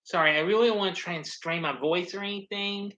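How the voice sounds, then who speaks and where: A man chatting casually on a live stream, rambling along with halting restarts and fillers. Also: high voice, bright, forceful tone, lo-fi sound.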